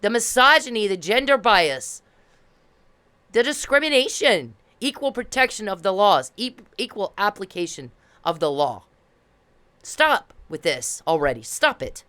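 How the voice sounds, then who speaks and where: A woman rails at the police in a heated solo monologue, swearing freely and hammering the same points again and again. Her pitch sits in the middle of the usual range for a woman. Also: very animated, unhurried, fairly bright tone. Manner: confrontational, repetitive, profane. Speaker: vlogger addressing police. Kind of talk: angry monologue to camera.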